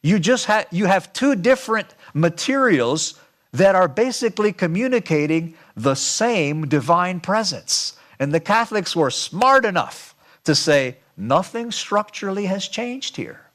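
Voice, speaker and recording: Male lecturer, animated delivery, slightly high voice, emphatic preaching style. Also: a little slow. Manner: emphatic, rhetorical questions to audience. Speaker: speaker.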